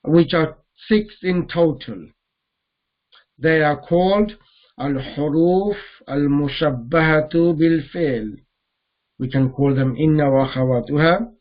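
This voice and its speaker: A man teaching Arabic grammar in a classroom lesson, explaining slowly and repeating the words he recites. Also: fairly high pitch, muffled recording.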